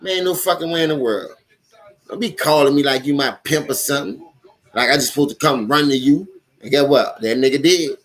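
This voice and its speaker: A young man with a New Orleans accent hosts a loose football live stream, cursing freely and getting worked up. His voice sits a little higher than most men's. He talks straight to his viewers in a casual, animated rant. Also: fairly quick. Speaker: sports commentary host.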